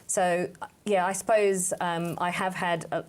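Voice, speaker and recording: English woman panel guest, lower voice, thoughtful and a little hesitant. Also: level tone. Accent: English, softened by New Zealand. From England. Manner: measured, reflective, hesitant. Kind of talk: casual panel chat.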